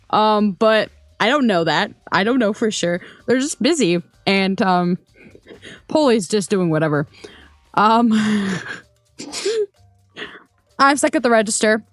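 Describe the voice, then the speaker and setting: A woman's voice: mid-range voice, no echo. A young woman casually telling a work story, chatty, with many ums and little laughs. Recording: dry close sound, faint music behind.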